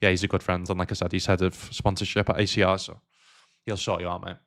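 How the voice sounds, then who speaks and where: Young man, low-ish casual voice, poker stream chatter. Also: little pitch movement, quick pace, fairly bright tone. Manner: casual, swears, talks to chat. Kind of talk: live-stream commentary while playing.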